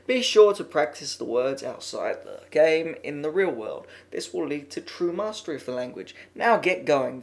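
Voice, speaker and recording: A man's voice: a little high, gravelly. A man playing a video game and commenting aloud, muttering, swearing often and reading the on-screen text as he goes. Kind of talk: let's-play commentary.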